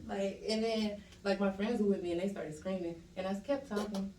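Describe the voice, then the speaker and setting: A young adult woman with a Louisiana accent, a podcast guest telling stories in a casual, animated way, laughing often and quoting herself. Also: medium pitch, moderate pace, hardly any pauses. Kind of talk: casual storytelling chat. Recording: roomy room, distant mic, faint hiss.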